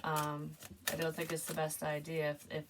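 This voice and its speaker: A woman giving a casual, rambling tarot reading to her viewers, chatty and quick to laugh. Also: low voice, completely flat delivery, background noise. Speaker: tarot reader.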